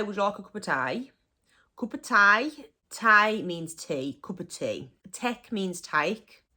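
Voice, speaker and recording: A young vlogger from England's Black Country chats casually in her local accent, giggling as she explains the dialect. Her voice sits on the low side with a slightly bright quality.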